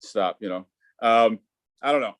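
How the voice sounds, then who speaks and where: A man doing a stand-up set over a video call, halting with many fillers and restarts. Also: fairly high pitch, sing-song, fairly bright tone. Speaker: stand-up comic.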